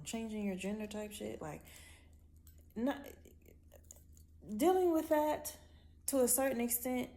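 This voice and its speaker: A woman from Miami with a Miami accent, ranting bluntly and with lots of swearing in a casual monologue. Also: medium pitch. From Miami, Florida. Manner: blunt, profane, animated storytelling with drawn-out words. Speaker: vlogger.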